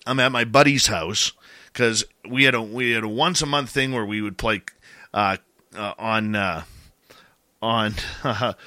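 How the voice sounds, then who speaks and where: Middle-aged guy telling a spooky story, low bright voice, gets louder at the scary bits, dry sound. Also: no room sound. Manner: animated, rising and louder at the scary parts. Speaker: podcast guest telling a ghost story. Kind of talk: casual storytelling.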